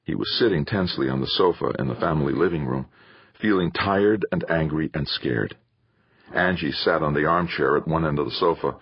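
A man narrating a story in scripted, expressive audiobook style. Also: low-pitched, breathy edge, dry recording, highs cut off.

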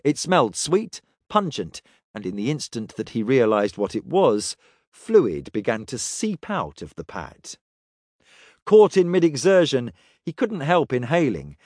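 A man narrating a fantasy audiobook in an expressive, dramatic storytelling manner. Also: fairly high pitch, no room sound, studio quality. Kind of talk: scripted fiction narration.

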